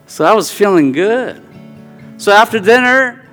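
A man preaching a sermon, telling a personal story with swings of pitch and volume. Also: expressive, a little slow. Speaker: pastor. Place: church sanctuary. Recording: hall reverb with soft guitar music.

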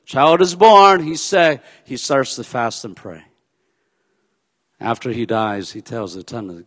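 A man preaching a sermon, dropping to a hush and then rising to loud, emphatic peaks. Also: high-pitched, sing-song, normal speed. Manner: swings from hushed to loud and emphatic. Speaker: pastor. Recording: long hall reverb.

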